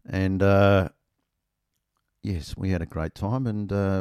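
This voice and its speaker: Deep-voiced Australian man spinning a yarn. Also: steady tone, takes it slowly, darkish tone, clear, resonant tone, dry recording, studio quality. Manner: rambling, self-mocking, many fillers. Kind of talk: casual anecdote telling.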